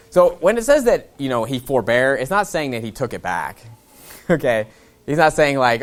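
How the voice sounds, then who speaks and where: A male pastor with a mid-range, very animated voice delivers a casual expository sermon at normal speed. He voices the kings' lines in his own plain voice and swings between loud emphatic bursts and quiet asides.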